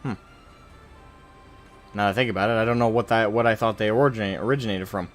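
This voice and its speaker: A man's voice: on the low side, steady tone, quick pace, faint music behind. Rambling, joking male game streamer. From United States. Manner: rambling, self-correcting, laughs and jokes with chat. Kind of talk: casual live-stream chat with viewers.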